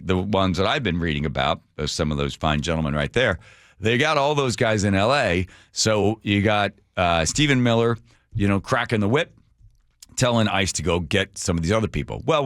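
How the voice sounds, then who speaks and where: Radio host, middle-aged man, low and very animated, mocking opinionated monologue, dry studio mic. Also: no room sound. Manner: sarcastic, mocking, acts out quotes in a raised voice. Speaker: radio talk show host. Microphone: studio microphone.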